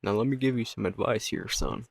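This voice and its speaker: Preachy old man, done by a man; low, slow lecture. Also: sing-song, gravelly, slightly rough, exaggerated voice. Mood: lecturing. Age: older.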